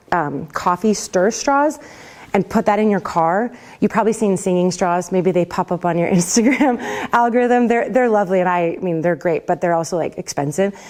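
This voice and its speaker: A woman's voice: fairly low pitch, darkish tone. A woman, a worship pastor, teaching a vocal class in a casual, chatty, upbeat way, with many fillers. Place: class room with a group.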